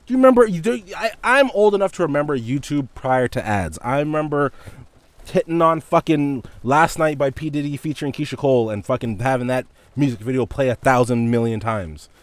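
A man's voice: medium pitch, dry recording. A young man hosting a casual solo podcast, ranting in an exasperated, profane way and laughing between points. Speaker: podcast host. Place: indoors with heavy rain outside.

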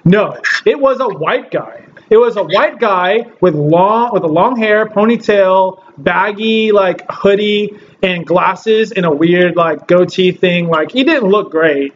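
A man's voice: high-pitched, slow, hardly any pauses, highs cut off, slight background noise. A man from Southern California hosting a casual podcast chat, telling stories animatedly, acting out quotes and laughing often. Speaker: podcast host.

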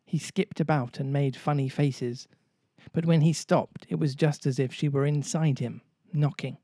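Guy reading a kids storybook out loud, playful, dead dry room. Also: fairly high pitch, fairly even intonation, moderate pace, breathy edge, no echo. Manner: playful, jokes and laughs with listeners. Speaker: storybook reader. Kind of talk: storybook narration read aloud.

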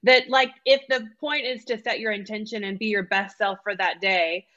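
A woman's voice: mid-range voice, fairly even intonation, moderate pace, sharp tone. A woman hosting a conversation, reflecting thoughtfully and asking probing questions. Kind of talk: conversational interview. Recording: dull lo-fi recording.

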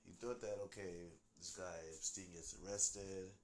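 A man's voice: deep voice, steady tone, moderate pace, darkish tone, a little hiss or hum. A man hosting a casual solo podcast, rambling and repeating himself, slangy and conversational, chuckling at his own asides. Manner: rambling, repeats phrases, laughs at own jokes. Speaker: podcast host.

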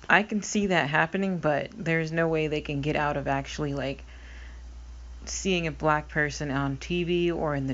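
A woman's voice: low voice, a bit bright. A blind woman hosting a podcast, thinking aloud hesitantly in a casual monologue. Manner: thoughtful, hesitant with fillers. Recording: slightly dull recording with faint noise.

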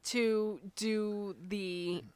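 A woman's voice: medium pitch, fairly even intonation, very slow, a little mellow, clean tone, dry recording. A woman co-hosting a parenting podcast, talking frankly and laughing at herself in casual chat. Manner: frank, self-deprecating, laughs often. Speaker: podcast co-host.

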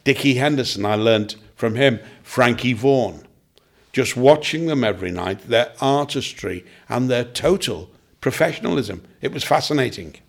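An older man, a veteran comedian, recalling past colleagues in a relaxed chat and dropping into quick impressions. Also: medium pitch, vocal fry. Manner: anecdotal, slips into quick comic impressions. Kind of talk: reminiscing casual chat.

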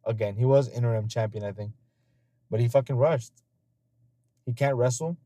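This podcast host has a warm, medium-pitched voice and talks at a normal speed on a dry recording. He's chatting casually, telling stories loosely, swearing plenty and laughing often.

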